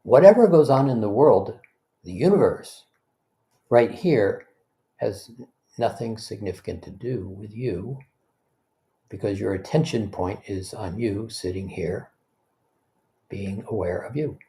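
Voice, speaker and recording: A man as a spiritual teacher, leading a guided meditation talk in a gentle, unhurried way, pausing for breaths and restarting phrases conversationally. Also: on the low side. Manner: gentle, unhurried, leads listeners through breaths.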